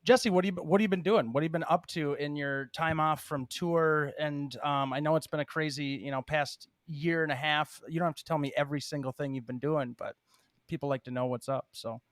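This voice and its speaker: A man hosting a podcast in casual chat, talking in halting bursts with many ums and restarts. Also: a little high, no room sound. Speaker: podcast host.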